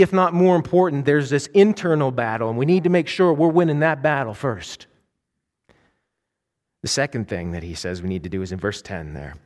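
A man's voice: medium pitch, lively intonation, moderate pace, a little mellow, long reverb tail. A pastor, a man, preaching a sermon in an earnest way, often restarting his sentences and breaking into storytelling asides.

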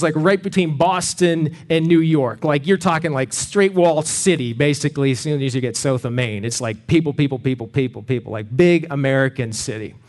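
A middle-aged man from Canada, a pastor telling a lively story in a sermon and acting out the voices of the people in it. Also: mid-range voice. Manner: animated storyteller, acts out voices.

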